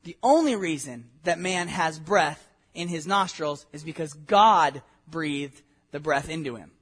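Married pastor, high-pitched and husky voice, lively conversational sermon with asides. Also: male voice, a little slow. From Southern California. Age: adult, married with a wife. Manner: animated, conversational preaching with many asides and audience questions. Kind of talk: expository sermon.

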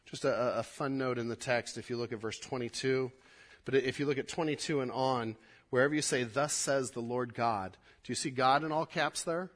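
A male pastor teaching a sermon through scripture, starting over on words and swinging from emphatic to soft. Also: medium pitch, moderate pace. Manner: expository, with repeated restarts, rising emphatic then dropping quiet.

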